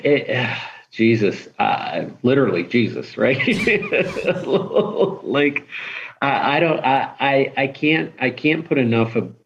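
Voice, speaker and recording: A middle-aged man speaks as a podcast guest and rambles, stumbling and restarting his sentences. His pitch sits mid-range. The audio is dull and lo-fi. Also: big pitch swings, slow pace, a little hiss or hum. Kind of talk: casual chat.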